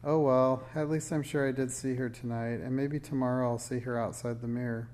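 A man reading aloud, putting on the raised, excited voice of a hopeful young witch girl in a storybook. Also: medium pitch, brisk, lightly acted. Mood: eager.

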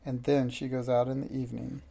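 A man's voice: mid-range voice, level tone, fairly quick, vocal fry, dark tone. A man reading aloud, voicing a bold, pert young witch girl who snaps back and sighs over her troubles. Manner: snappy and pert, sighing when worried.

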